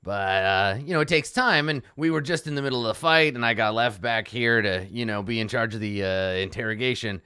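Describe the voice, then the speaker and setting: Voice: medium pitch, fairly quick, few pauses, pushed and bright, smooth, no room sound, studio quality, close to an everyday voice. A game master voicing a cheerful, talkative male bugbear torturer in a tabletop game. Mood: matter-of-fact. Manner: chatty, matter-of-fact about gore.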